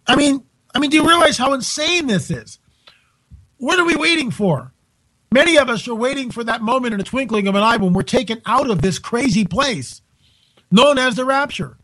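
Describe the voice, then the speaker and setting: A man hosting a call-in radio show, talking in an incredulous, exclaiming way with quick asides, from home. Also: high-pitched, sharp tone, dry recording, poor audio. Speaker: radio talk show host.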